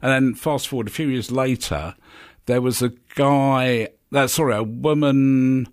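A man's voice: medium pitch, measured pace. Rambling man co-hosting radio. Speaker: radio co-presenter. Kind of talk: casual radio chat.

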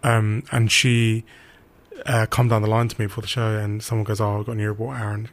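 Young man telling lively stories. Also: lowish voice, a little fast. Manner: animated anecdotes, acts out quotes. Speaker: football radio reporter. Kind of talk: casual storytelling chat.

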